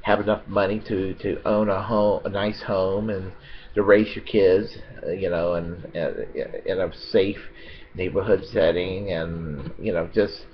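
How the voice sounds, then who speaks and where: An American man giving a rambling, unscripted political monologue, halting with many fillers and restarts and blunt with profanity. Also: low voice, level tone, highs cut off, a little hiss or hum. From United States.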